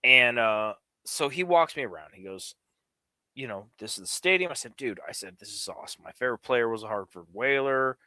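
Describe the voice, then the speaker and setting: On a casual livestream, a middle-aged man from the New York area spins a long, rambling story, swearing freely. His mid-range voice moves fairly quickly and sounds animated, and the recording is dry.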